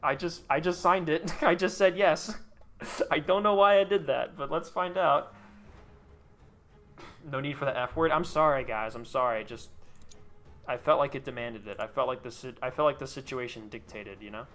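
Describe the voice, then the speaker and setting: A man's voice: mid-range voice, moderate pace, a bit bright. A young man casually commenting on a game he is live streaming, bantering and joking with his chat and swearing freely.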